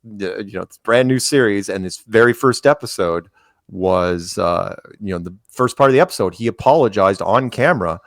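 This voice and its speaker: A man with a low, gravelly voice chats as a podcast guest. He wanders through long anecdotes and slips into little acted quotes. The sound is close and dry. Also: normal speed, a bit bright, no room sound. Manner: rambling anecdotes, acts out quotes. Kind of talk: casual conversational storytelling.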